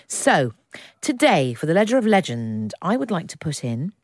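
A woman's voice: fairly low pitch, very animated, normal speed, no echo, clean studio sound. A woman co-hosting a podcast, chatting playfully and enthusiastically with her co-host, often laughing. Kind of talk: casual chat.

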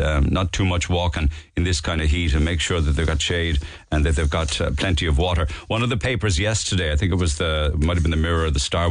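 A man's voice: low voice, no echo. A man hosting a phone-in radio show in a studio, chatty and rambling with jokey asides. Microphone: studio microphone.

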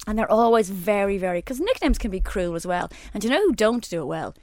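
A woman, co-hosting a podcast in casual chat, animated and quick to laugh. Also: medium pitch, no room sound. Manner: animated, reads aloud with laughs. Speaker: podcast co-host.

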